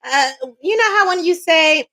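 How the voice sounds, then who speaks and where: A woman's voice: extremely high pitch, lively intonation, slow, sharp tone, poor audio. A woman doing a casual psychic tarot reading. She rambles in slang, swears now and then, laughs often, and keeps asking "okay?". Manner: chatty, rambling, slangy, frequent "okay?" check-ins. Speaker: psychic reader.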